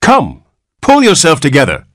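A man's voice: mid-range voice, wildly swooping pitch, measured pace, breathy edge, no echo, clean studio sound, voice pushed up, exaggerated voice. A man voicing a severe, insistent woman nurse.

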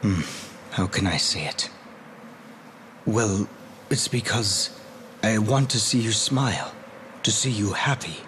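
An actor voicing a devoted young shadow knight in a game, speaking gently, earnestly and formally. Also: male voice, fairly low pitch, lively intonation, slow, pauses often, slight background noise. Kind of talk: game voice acting.

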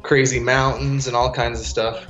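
A man's voice: mid-range voice, level tone, normal speed, fairly bright tone. A man from Canada with a Canadian accent, answering questions in an easygoing way as a guest on a call-in show. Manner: laid-back, easygoing answers. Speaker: guest musician on a phone call. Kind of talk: casual call-in chat. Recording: faint music behind.

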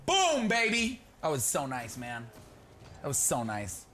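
A young man chatting through live gameplay, talking to his teammate and breaking into excited shouts. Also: a little high, unhurried, soft background music. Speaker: gaming YouTuber. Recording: background noise.

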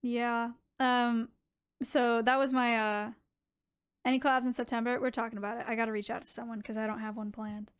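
A young adult woman streaming, chatting casually with her viewers in an animated way, with quick asides. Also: fairly high pitch, smooth.

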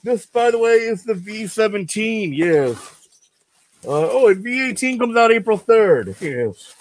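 A man playing Venom, a boastful alien symbiote, in a goofy, excitable in-character comic unboxing. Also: high voice, unhurried. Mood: excited playful. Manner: goofy, excitable, answers himself with "yes".

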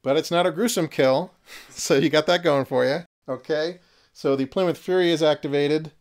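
A man narrating and refereeing a horror miniatures game, chatty and quick to laugh at his own jokes. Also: on the high side. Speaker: game master.

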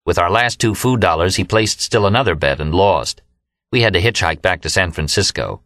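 Low voiced guy reading an audiobook, bright crisp tone, dry close sound. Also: lively intonation, moderate pace, no echo. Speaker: audiobook narrator. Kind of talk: scripted narration.

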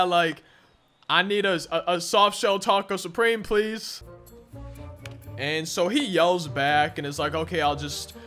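A young man with a fairly high, slightly bright voice casually tells a rambling story while playing a video game. He restarts often and uses lots of fillers.

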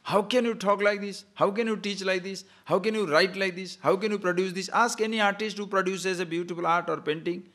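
A man's voice: high voice, brisk, hardly any pauses. A man giving a spiritual discourse on scripture, asking rhetorical questions and wandering into stories. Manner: animated, rhetorical questions, digressive storytelling. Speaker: spiritual teacher.

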